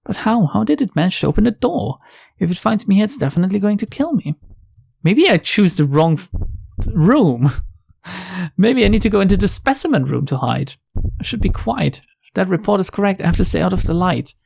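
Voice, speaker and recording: A woman's voice: mid-range voice, big pitch swings, moderate pace, gravelly, a little mellow, a little hiss or hum, voice pushed up. A woman reading aloud as a frightened young woman detective hiding from a monster in a game, stammering and pleading. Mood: tense. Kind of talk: reading a visual novel's lines aloud.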